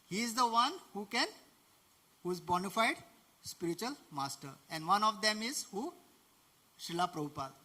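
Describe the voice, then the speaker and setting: A man's voice: high voice, lively intonation, moderate pace, long pauses, pushed and bright. A man with an Indian English accent giving a devotional lecture, conversational, often laughing and asking rhetorical questions. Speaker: preacher.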